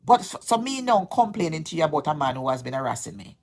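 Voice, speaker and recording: A Jamaican woman vlogging in a heated callout, her voice sitting somewhat low. She presses her complaint insistently and circles back over the same points again and again, aggrieved. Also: very animated, quick pace, a little mellow. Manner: aggrieved, insistent, repeats herself. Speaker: social media vlogger. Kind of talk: heated direct-to-camera callout.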